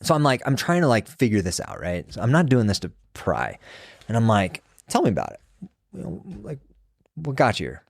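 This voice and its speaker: A man's voice: mid-range voice, wildly swooping pitch, fairly quick, vocal fry, dry recording, studio quality. A man, a former prison sergeant, telling stories in loose, profane casual talk and acting out what people said. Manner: loose and profane, acts out quoted dialogue. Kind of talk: casual storytelling conversation.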